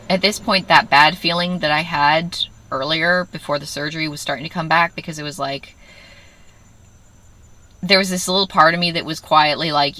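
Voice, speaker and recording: A woman with a low-pitched yet bright, forward voice tells a personal story in a casual vlog. She talks in an animated, self-mocking way and keeps quoting her own inner voice. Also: low-quality recording. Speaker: vlogger.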